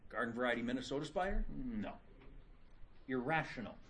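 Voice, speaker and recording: A man's voice: medium pitch, expressive, fairly quick, a bit bright, a little hiss or hum. A middle-aged man teaching a class, lecturing casually and telling stories with jokes. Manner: casual, joking storyteller.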